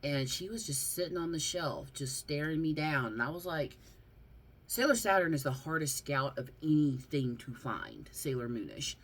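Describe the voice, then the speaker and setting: Low-voiced Southern woman chatting. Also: animated, normal speed, husky. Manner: chatty, goes off on rants, laughs often. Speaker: vlog host showing her figure collection. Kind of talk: casual chat.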